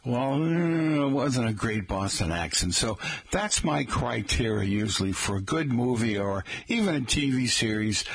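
A middle-aged radio host talks in a loose, rambling, folksy style, full of little asides. His voice sits low and slightly husky. It is recorded close and dry on a studio mic. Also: fairly bright tone, no room sound. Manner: folksy, rambling, keeps calling listeners "folks". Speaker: radio talk show host. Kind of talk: casual radio chat.

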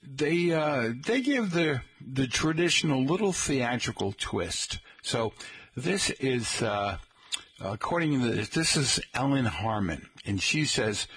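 A man's voice: medium pitch, big pitch swings, slow, a bit bright, husky. A middle-aged man hosting a radio show, rambling in a folksy way and often calling his listeners folks. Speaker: radio host. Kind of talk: casual radio talk.

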